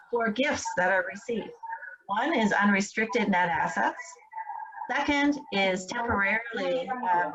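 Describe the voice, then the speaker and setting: A woman's voice: medium pitch, a bit bright, lo-fi sound. A woman instructor giving a recorded training lecture, explaining step by step with frequent fillers and check-ins with her listeners. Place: home, in Michigan.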